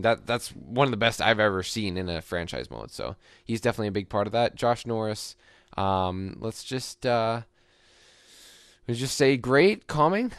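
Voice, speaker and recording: A man's voice: medium pitch, no echo, clean studio sound. A young man casually commenting as he plays a hockey franchise mode, rambling with lots of fillers and upbeat asides. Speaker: gaming YouTuber.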